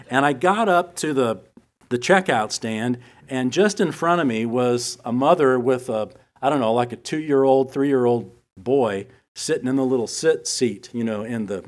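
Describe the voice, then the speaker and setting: A middle-aged man teaching from the Bible, telling personal stories in a relaxed, humorous way. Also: mid-range voice. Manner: conversational storytelling with humor.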